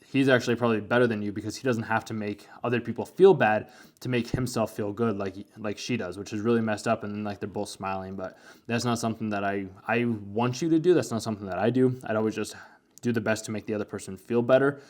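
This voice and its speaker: A young man with a fairly low voice talks through an anime in a loose, casual way. He rambles and leans on "like" at every turn, thinking out loud as he goes. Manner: rambling, full of "like" fillers. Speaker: anime commentator.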